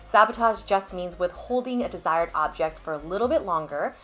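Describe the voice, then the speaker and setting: A woman speech therapist patiently explaining to parents how to build a child's language at home, stepping through clear examples. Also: lowish voice, lively intonation, brisk. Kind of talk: instructional video talk to parents.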